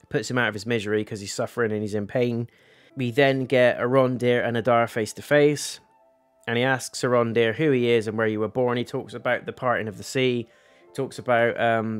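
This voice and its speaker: A man's voice: mid-range voice, smooth. A young man giving a casual, rambling review of a TV episode, talking candidly and swearing now and then.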